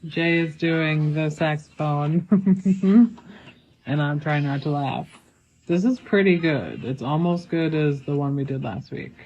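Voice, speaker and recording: A woman hosting a casual podcast, chatty and quick to laugh. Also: sits low, darkish tone. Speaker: podcast host. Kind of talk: casual chat. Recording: tinny phone-like sound with faint noise.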